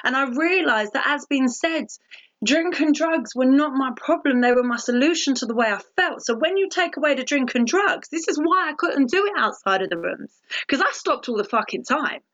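A woman's voice: high voice, animated, moderate pace, fairly bright tone. A woman giving a blunt, candid recovery testimony, swearing freely. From England. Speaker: recovery speaker. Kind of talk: personal testimony talk. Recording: dull lo-fi audio.

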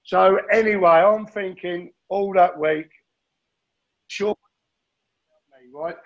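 A man's voice: high-pitched, slow, muffled recording. A middle-aged man sharing his addiction recovery story in a rambling, blunt way, swearing and saying mate constantly.

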